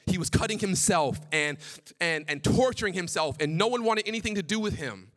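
A young male pastor delivers a lively sermon in a high, ringing voice. His tone is bright and forward. He speeds through his stories, then slows and quiets down for the weightiest lines. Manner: animated preaching, drops to hushed tones for God's words.

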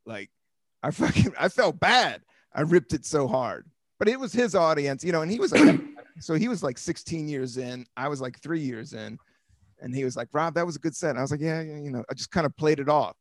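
A man, a comedian, hosting a casual podcast chat in a loose, laid-back, swearing way with animated stories. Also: a little high, moderate pace, dry recording, studio quality. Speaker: comedian host.

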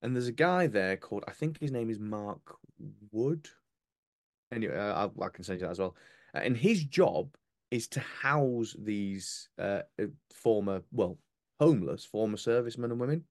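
A man's voice: lowish voice, expressive, moderate pace, dry recording, clean studio sound. A man telling stories in a casual chat, full of restarts and asides. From England. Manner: chatty, storytelling with restarts. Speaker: guest.

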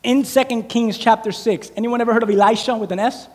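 High-voiced preacher in a reverberant hall. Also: male voice, fast. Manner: animated preacher acting out scripture scenes. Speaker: pastor. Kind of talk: sermon. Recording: long reverb of a large hall.

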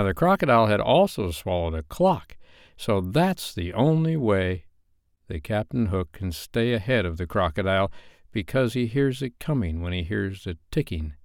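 A man reads a bedtime story in a calm, gentle way. His voice is low and recorded close with no room sound. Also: dry recording.

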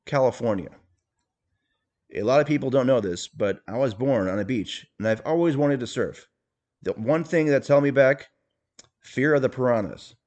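A man's voice: medium pitch, a little mellow, natural voice. A man doing a stiff, boastful rich politician. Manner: stiff, folksy bragging with clumsy jokes. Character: awkward, boastful rich male politician on a state-by-state tour. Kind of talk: comedic impression monologue.

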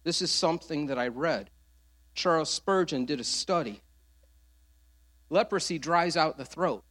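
Guy pastor preaching, kinda high voice, earnest, pauses a lot for effect. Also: a bit bright. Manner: earnest preaching, quoting scripture with dramatic pauses. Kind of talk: sermon.

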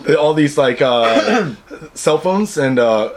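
Casting: easygoing male co-host, animated pitch, crude and quick to laugh. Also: a little hiss or hum. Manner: laid-back, profane, laughs easily. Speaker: podcast co-host. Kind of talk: casual comedy podcast banter.

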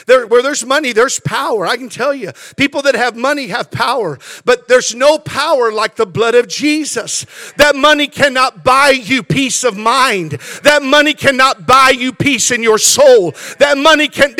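A male pastor with a very high, bright voice delivers an impassioned sermon, swinging between hushed reflection and fervent shouting. He repeats words as he builds momentum, and the sound is close and dry with no room around it. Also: no room sound. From California. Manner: impassioned preaching that swells to shouting, with repetitions.

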